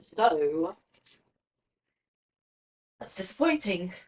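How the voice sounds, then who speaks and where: Young woman streamer, chatty and self-mocking, unhurried, voice leaping up and down. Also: medium pitch, sing-song, a little mellow, slightly rough. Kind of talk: casual chat while streaming.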